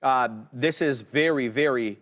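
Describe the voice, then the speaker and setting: A man hosting a live trading stream, calling out prices and orders in energetic play-by-play with sudden hype outbursts. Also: mid-range voice, unhurried.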